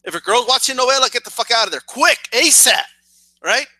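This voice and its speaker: Lively high-voiced young man ranting. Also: brisk, dry recording. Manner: animated, swearing, stammering repeats, acts out shouts. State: slight cough. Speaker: boxing channel vlogger. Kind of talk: comic rant to camera.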